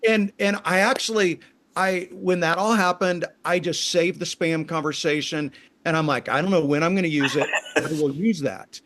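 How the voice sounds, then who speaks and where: A male pastor talking as a podcast guest, explaining things in a relaxed, rambling way. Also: a little high, normal speed. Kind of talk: casual interview talk.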